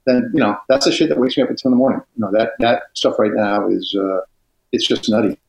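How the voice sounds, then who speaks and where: A man's voice: lowish voice, quick pace, creaky. An older retired man, talking in an intense, emphatic way as a guest in casual chat. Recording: roomy echo.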